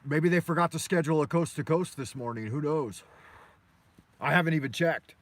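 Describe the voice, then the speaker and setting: A man's voice: fairly high pitch, normal speed. An American man from Los Angeles hosting a live morning show from his car, telling stories in a loose, profane, meandering way. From Los Angeles, USA. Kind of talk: rambling live-stream storytelling.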